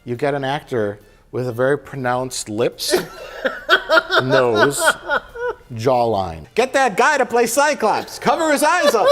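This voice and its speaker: A man's voice: high-pitched, huge pitch swings, slow, creaky, fairly bright tone. A man chatting casually about movies as a reviewer, rambling and joking, often breaking into laughter. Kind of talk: casual chat.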